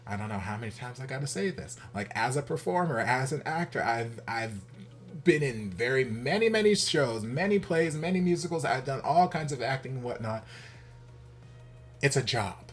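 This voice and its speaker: A man talks through a reaction video at a middle pitch, his voice jumping between loud exasperated outbursts and low, weary muttering. His delivery is casual and animated. Faint music sits behind him. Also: brisk.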